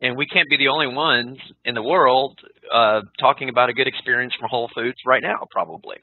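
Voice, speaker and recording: A man with a husky, middle-pitched voice hosts a casual interview in a relaxed, affirming way. The audio is thin and phone-like. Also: fairly quick. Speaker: host. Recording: tinny phone-line sound.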